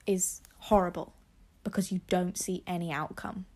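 Speaking into a phone set on her laptop desk, a young podcast host gives emotional, tearful encouragement in a heartfelt solo episode. Her voice sits fairly low, with a level, somewhat dark tone and a moderate pace.

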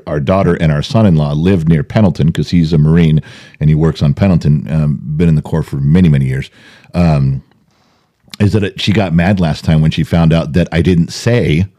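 A man's voice: very deep voice, fairly quick. An older man co-hosting a podcast, telling stories in casual chat and acting out the voices of people in them. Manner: animated storyteller, acts out voices. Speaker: podcast co-host.

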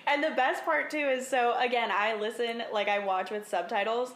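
A young adult woman co-hosting a podcast in casual chat, quick to laugh and blunt, with free swearing. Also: a little high, steady tone, a bit bright. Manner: giggly, blunt, swears freely. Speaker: podcast co-host. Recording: roomy echo.

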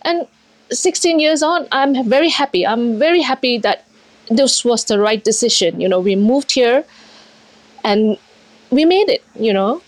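A woman's voice: on the high side, expressive, unhurried, no room sound. A middle-aged woman from India who owns a restaurant, talking emotionally in an interview with many fillers and restarts. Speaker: restaurant owner.

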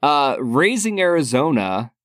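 A man co-hosts a podcast with a teasing, deliberate delivery and a lively, shifting pitch. The recording is dry and close. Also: no room sound. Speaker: podcast co-host. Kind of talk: casual chat.

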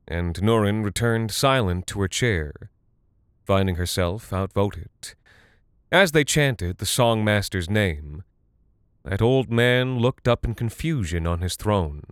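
A man narrating a fantasy audiobook in a measured, deliberate way. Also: on the low side, expressive, clear, resonant tone, dry recording, studio quality.

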